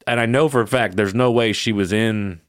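A man's voice: on the low side, fairly even intonation, a little fast, dry recording, studio quality. A man co-hosting a podcast, telling a personal story in casual chat, candid and swearing freely. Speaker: podcast co-host.

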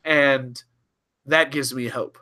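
A man's voice: medium pitch, steady tone, takes it slowly, sharp tone. A man co-hosting a casual podcast chat, rambling and swearing freely, often laughing. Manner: rambling, profane, chuckling. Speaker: podcast co-host.

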